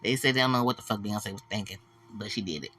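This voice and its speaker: A woman hosting a celebrity gossip show, blunt, animated and profane. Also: extremely low pitch, fast talker, soft background music. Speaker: host.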